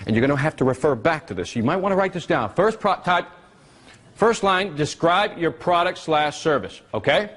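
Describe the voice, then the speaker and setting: A male workshop presenter teaching a live seminar, energetic and constantly quizzing his audience with questions. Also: fairly high pitch, moderate pace.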